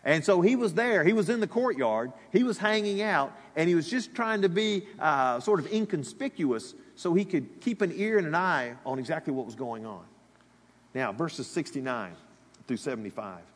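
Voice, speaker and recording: A man's voice: a little high, moderate pace. A man from Alabama, preaching a sermon in a chatty style and speaking to his congregation directly. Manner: animated, conversational preaching with asides to the congregation. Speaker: pastor. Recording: long reverb of a large hall.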